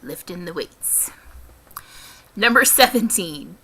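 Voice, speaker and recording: A young woman with a light Midwestern American accent talks through a casual question-and-answer vlog, taking her time and choosing her words with care. Her voice sits a little low yet sounds bright and forward, and she pauses and restarts often as she thinks aloud. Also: expressive, breathy edge. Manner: careful, deliberate diction with frequent ums and restarts. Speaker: vlogger.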